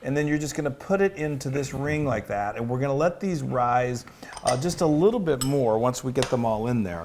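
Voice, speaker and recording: A man's voice: mid-range voice, expressive, fairly quick, noisy background. A man co-hosting a cooking show, chatty and enthusiastic, often breaking off mid-sentence. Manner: chatty and enthusiastic, self-interrupting. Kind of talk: casual cooking demonstration.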